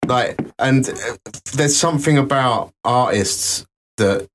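A man's voice: mid-range voice, slow pace, noisy background. A man in casual podcast talk, arguing his point with dry jokes. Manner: dry, joking, argumentative. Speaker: podcast co-host, works in IT.

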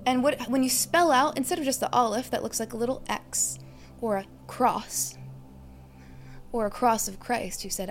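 A woman delivers a meditative sermon in a slightly high voice. She teaches by posing questions and listing ideas, and she sinks into a hushed tone on key phrases. Soft music plays faintly underneath. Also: moderate pace. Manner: reflective, teaching with questions and lists. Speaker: preacher.

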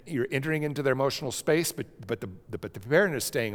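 A man speaks in a gentle teaching voice, pausing now and then to check in with his listeners. His pitch sits in a middle range. The sound carries a long reverb, as if from a large hall. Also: expressive. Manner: gentle, repeats "okay?" to check in; drops to a soft cooing voice when acting out a parent. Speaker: speaker teaching about emotions. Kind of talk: slide lecture on child emotional development.

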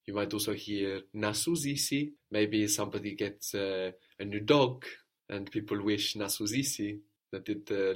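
A man teaching a language lesson, patiently prompting a learner and repeating and confirming each answer. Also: medium pitch.

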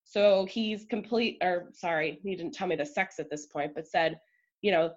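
A woman guest on a podcast, telling a personal story in an emotional, chatty way full of "like" and quick asides. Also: on the low side, muffled recording.

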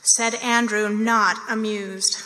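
A woman reading the narration of a play at a steady, measured pace. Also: mid-range voice. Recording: reverberant hall.

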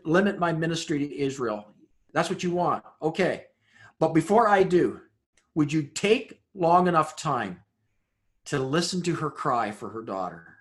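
Man preaching sermon, mid pitch, rhetorical questions, swings loud to quiet. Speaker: pastor.

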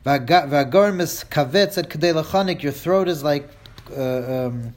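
A man's voice: a little high, moderate pace. A man teaching a class, reading lines of a Hebrew text aloud and translating each into English with dramatic emphasis and a wry humor. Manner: reads Hebrew lines then translates them line by line, dramatic; wry, jokes with listeners. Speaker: Torah teacher.

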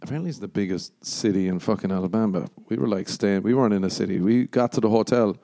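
Host, young man, low mellow voice, crude rambling comic monologue. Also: fast. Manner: profane, jokey, swings into exaggerated mock voices. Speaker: podcast host. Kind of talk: rambling solo podcast.

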